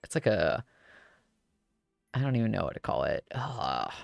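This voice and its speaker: Brief: chatty, laughing streamer narrating a game, animated pitch, dry close sound. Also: normal speed, gravelly, dry recording. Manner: giggly, chatty, joking asides. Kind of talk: live-streamed visual novel read-aloud with commentary.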